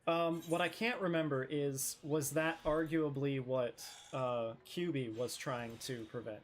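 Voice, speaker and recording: A man chatting casually on a stream, replying in a quiet, hesitant way. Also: medium pitch, fairly even intonation, measured pace, a little hiss or hum. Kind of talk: casual chat.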